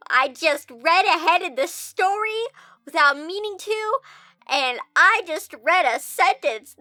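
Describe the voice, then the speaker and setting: A young woman reading a fan story aloud and reacting with incredulous, swearing commentary, often breaking into high shrieks of confusion. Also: bright, forceful tone, no echo.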